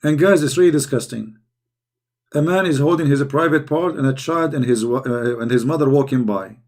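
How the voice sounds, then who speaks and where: A hoarse man giving heated commentary in halting non-native English, firing rhetorical questions as he reads texts aloud. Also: mid-range voice, a little mellow. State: hoarse, losing his voice. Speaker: online commentator. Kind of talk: polemical commentary while reading texts aloud.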